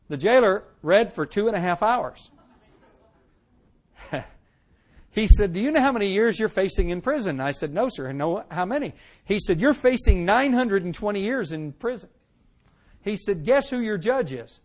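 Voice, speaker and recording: A middle-aged man giving an animated personal testimony, telling his story dramatically and laughing at times. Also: high voice, normal speed. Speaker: testimony speaker.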